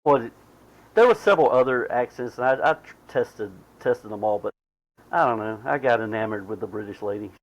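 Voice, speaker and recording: A man with a Southern US accent, hosting a podcast in casual chat, talking in a drawn-out, halting way with fillers. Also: mid-range voice, animated. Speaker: podcast host. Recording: slightly dull lo-fi sound.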